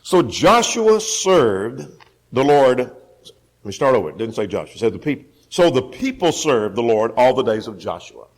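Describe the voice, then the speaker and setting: A man's voice: medium pitch, big pitch swings, normal speed. A man teaching a Bible class, emphatic, repeating key phrases and putting questions to the class.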